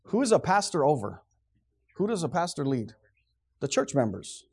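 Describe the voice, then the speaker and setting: A male pastor preaching a sermon in a church. His fairly high voice rises and falls widely as he drives his points home. He is sarcastic and fervent, and he keeps throwing questions out to the congregation. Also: very animated, moderate pace, darkish tone, breathy edge.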